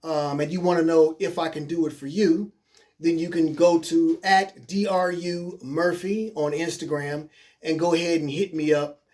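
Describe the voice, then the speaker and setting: Casual, repetitive male coach, fairly high voice. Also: steady tone, moderate pace, a little mellow. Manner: repetitive, keeps checking in with "okay?"; casual, encouraging, plain-spoken. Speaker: life coach. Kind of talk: coaching webinar.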